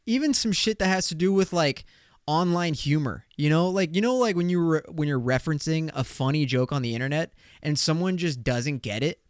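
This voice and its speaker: A man's voice: a little high, animated, fairly quick, smooth, no echo, studio quality. A young man hosting a casual solo podcast, talking in a loose, slangy way and swearing as he jokes. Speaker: podcast host.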